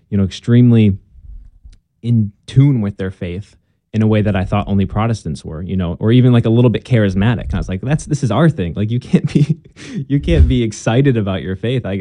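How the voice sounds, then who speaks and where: Earnest young man with a dark voice. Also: lowish voice, dry recording. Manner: earnest, halting, many restarts and fillers. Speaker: guest. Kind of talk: casual conversation.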